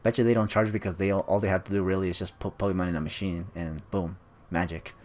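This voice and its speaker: A man's voice: low voice, flat delivery, fast, a little mellow, slight background noise. A man giving casual let's-play commentary, offhand and rambling with joking asides. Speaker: gameplay commentator.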